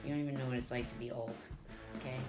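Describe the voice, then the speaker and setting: A woman's voice: a bass voice, steady tone, racing, music in the background. A woman in her thirties telling a dating story to her viewers in a chatty, profane way, full of "like.". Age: 30s. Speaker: vlogger. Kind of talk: casual storytelling to camera.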